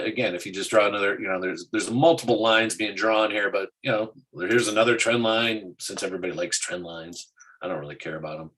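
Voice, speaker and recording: A man's voice: lowish voice, sharp tone, poor audio. A man co-hosting a casual market show, rambling with many restarts and fillers. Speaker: co-host.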